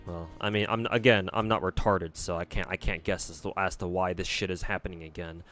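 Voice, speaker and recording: A man's voice: low-pitched, steady tone, fairly quick, fairly bright tone, soft background music. A man streaming a game, chatting casually and reacting bluntly to viewer comments, with lots of swearing and filler words. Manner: blunt and profane, drawling with many fillers.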